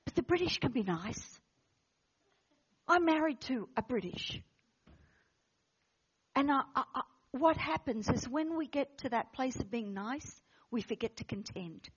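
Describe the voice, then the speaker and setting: Very high-voiced woman preaching. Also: expressive, unhurried, slightly rough, lo-fi sound. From Australia. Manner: impassioned, swings from loud exhortation to hushed intensity, frequent restarts. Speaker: guest preacher. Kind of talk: sermon.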